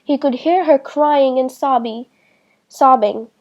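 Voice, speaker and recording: A woman reading a children's storybook aloud in a slow, clear way for beginners. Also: sits high, a little mellow, dull audio. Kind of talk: children's book read-aloud.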